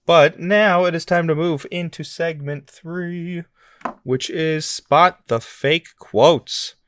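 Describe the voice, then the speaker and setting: Chatty male host, slightly high voice. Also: slow, slight background noise. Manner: relaxed, chatty, laughs easily. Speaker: podcast co-host. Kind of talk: casual game-show chat.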